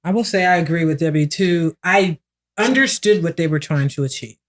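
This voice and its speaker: A woman in a podcast discussion, speaking in a measured, deliberate and thoughtful way. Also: fairly low pitch.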